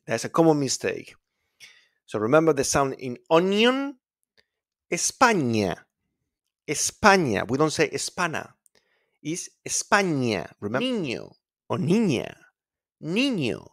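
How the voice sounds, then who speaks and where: Man modeling sounds, slow and lively. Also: medium pitch. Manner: repeats each word slowly, modeling sounds; rolls his Rs with emphasis. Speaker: Spanish teacher. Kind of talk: pronunciation lesson.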